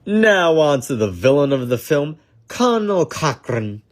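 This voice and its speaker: A man's voice: on the high side, very animated, moderate pace. A man hosting a casual film review, joking crudely and swearing often. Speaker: movie review host. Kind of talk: casual profane film commentary.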